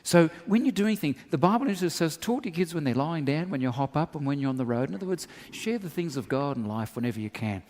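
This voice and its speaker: Humorous pastor, echoing hall. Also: male voice, fairly high pitch, lively intonation, a little fast, few pauses, darkish tone. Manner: humorous, acts out dialogue, laughs often. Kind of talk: sermon. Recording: long hall reverb.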